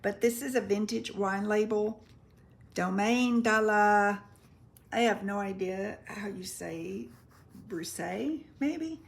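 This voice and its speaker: A woman with a creaky, mid-range voice describes vintage paper and craft items up close for a casual presale video. She sells crafts online and keeps things chatty and unhurried, though foreign words trip her up.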